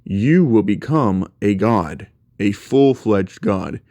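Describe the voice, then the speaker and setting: A man's voice: lowish voice, animated, slow pace, dark tone, no room sound. A man voicing a stern, commanding male king of the gods who scolds bluntly and swears.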